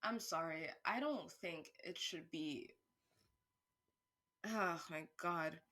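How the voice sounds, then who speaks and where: A woman vlogger thinking aloud in a casual monologue, rambling with restarts, swearing freely, and turning louder and higher when worked up. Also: slow. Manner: animated, rising pitch and volume when worked up.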